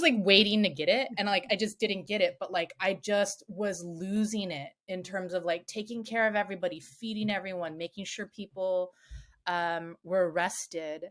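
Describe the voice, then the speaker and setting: A middle-aged woman telling a personal story as a podcast guest, animated, swearing freely and acting out other people's voices. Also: medium pitch, normal speed. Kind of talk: candid storytelling.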